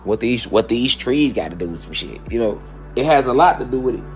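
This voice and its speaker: A man's voice: medium pitch, animated, fairly quick, a little mellow, faint music behind. A man giving a casual, emphatic spiritual lecture, repeating key phrases and checking in with his listeners. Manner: loose, conversational, with frequent swearing. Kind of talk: casual documentary monologue.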